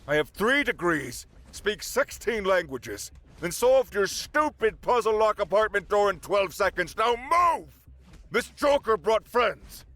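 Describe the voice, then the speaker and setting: A man's voice: very high-pitched, big pitch swings, a little slow, fairly bright tone, voice pushed up, full character voice. A man voicing a cocky, profane human bodyguard with an Irish accent, barking orders.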